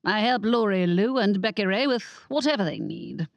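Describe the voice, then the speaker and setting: A woman's voice: medium pitch, big pitch swings, moderate pace, gravelly, no echo. A woman voicing a polite male talking rabbit with a British accent in an audiobook. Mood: courteous. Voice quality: polite, formal.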